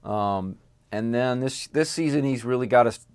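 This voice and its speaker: A middle-aged actor chatting casually as an interview guest, with lots of fillers and restarts. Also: male voice, mid-range voice, a little mellow, smooth, dry recording. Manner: halting, many fillers and restarts.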